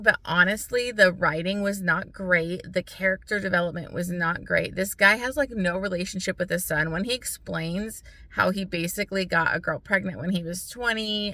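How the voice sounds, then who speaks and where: A woman's voice: on the low side, bright, forceful tone, no room sound. A young American woman giving a blunt, frustrated book review, swearing often and filling her talk with "like". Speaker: book vlogger.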